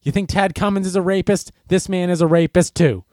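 A man's voice: high-pitched, fairly even intonation, brisk, a little mellow, dry recording, studio quality. A man hosting a comedic news commentary show, ranting sarcastically and getting worked up.

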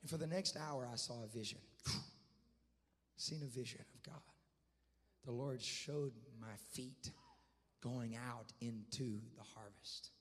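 A man preaching a sermon as a traveling evangelist, telling a story quietly and then rising to loud shouted climaxes. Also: medium pitch, slow pace, pauses often, big-room sound. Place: church sanctuary.

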